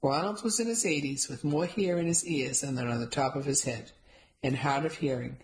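A woman reading a cozy story in first person, wry and amused. Her narration is even and scripted. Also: extremely low pitch, normal speed, rough recording. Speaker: audiobook narrator.

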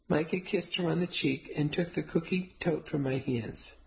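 A woman's voice: sits low, normal speed, vocal fry, hardly any pauses, poor audio. A woman narrating a first-person novel, telling the story steadily with light character voices. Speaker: audiobook narrator.

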